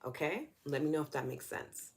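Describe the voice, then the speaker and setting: Hosting a live online EFT session, a New York-accented woman teaches in an earnest, conversational way and responds to comments from viewers. She has a low voice with lively intonation and talks fairly quickly.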